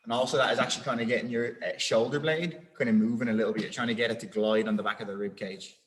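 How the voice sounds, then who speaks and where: A man's voice: mid-range voice, steady tone, very fast, fairly bright tone, roomy sound. Man coaching a weightlifting class. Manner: encouraging, counts down and calls positions. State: out of breath. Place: gym.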